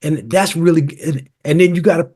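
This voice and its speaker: Host guy gushing to his guest, voice a bit on the high side. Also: fairly quick, slightly rough. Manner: warm-hearted, effusive, uses slang like "bless up". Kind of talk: casual interview chat.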